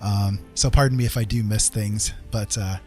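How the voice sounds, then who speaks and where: A man hosting a casual live-stream chat, earnest and reassuring, talking haltingly with many fillers and restarts. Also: fairly low pitch, fairly even intonation, a little mellow, soft background music. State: getting a little emotional.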